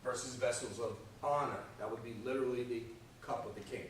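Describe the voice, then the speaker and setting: A man teaches a Sunday school Bible lesson in a plain, mid-pitched voice. He talks conversationally and keeps asking "okay?" and "right?". The mic is far from him, so his voice comes across in an echoey church classroom. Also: steady tone, a little fast, slight background noise. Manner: checks in often with "okay?" and "right?".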